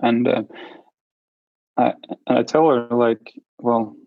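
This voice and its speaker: A man in an interview telling a personal story, halting and restarting often as he speaks. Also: medium pitch, fairly even intonation, gravelly, no echo, narrow, tinny audio. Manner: halting, with many restarts and fillers. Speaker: interview guest.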